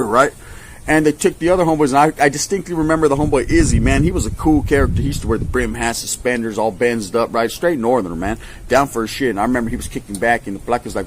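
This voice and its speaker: A man's voice: medium pitch, fast talker. A man tells a story from his past in casual slang, swearing often and acting out other people's voices. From California. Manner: animated, acts out voices, swears a lot.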